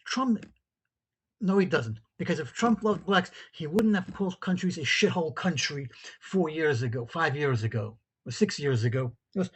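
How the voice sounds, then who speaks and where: A fairly high-voiced man with a husky, slightly rough edge and a New York accent. He tells a story in an opinionated solo monologue, jumping between his own voice and the people he quotes. His delivery is incredulous and full of disbelief. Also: moderate pace. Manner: animated, incredulous, acts out both sides of a dialogue. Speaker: podcast host. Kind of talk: opinionated monologue, retelling a call-in exchange.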